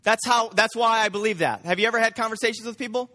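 A man preaching a sermon from the front of a church. He gets loud and amped up, and he repeats words as he speeds along. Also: high voice, quick pace. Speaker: pastor.

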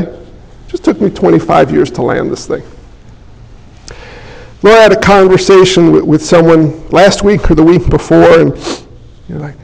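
A man's voice: high voice, creaky, low-quality recording. A man preaching a sermon as pastor, emphatic and folksy, asking the congregation rhetorical questions.

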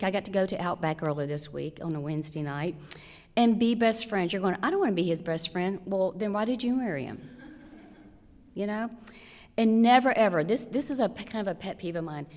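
A woman's voice: mid-range voice, darkish tone. Woman, church talk, earnest, direct, emphatic, long hall reverb. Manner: earnest, direct, emphatic advice with rhetorical questions. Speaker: church women's speaker. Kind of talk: practical marriage talk to a church audience.

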